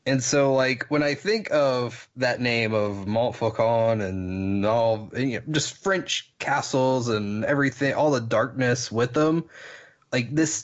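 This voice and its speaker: A man's voice: mid-range voice, highs cut off. A man co-hosting a podcast, chatting casually and enthusiastically as he reviews albums, often restarting his sentences. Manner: enthusiastic, rambling, with frequent restarts. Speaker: podcast co-host.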